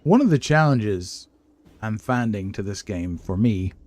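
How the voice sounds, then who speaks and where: This older game streamer speaks in a lowish, darkish voice, animated yet measured, with faint music behind him and no room sound. As he plays, he chats to himself hesitantly and mocks his own clumsy moves.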